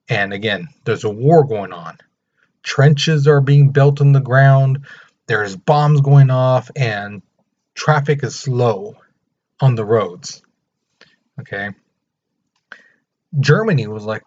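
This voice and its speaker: A man gives an informal history lesson in a medium-pitched voice, loosely acting out what the historical players said. The recording sounds dull and slightly lo-fi. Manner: casual, acts out countries' quotes in a lively voice. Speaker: history teacher.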